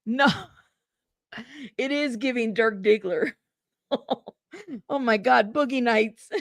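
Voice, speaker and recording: Reading trial updates as host of a live news commentary, this young woman laughs and tosses in asides as she goes. She has a fairly high voice and takes her time. The sound is clean studio audio with no echo.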